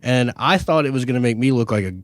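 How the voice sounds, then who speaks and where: A man co-hosting a podcast, telling a story with loose, self-deprecating energy and casual swearing. His voice sits at a middle pitch and is recorded dry, right up close to the mic. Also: quick pace, no room sound. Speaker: podcast co-host.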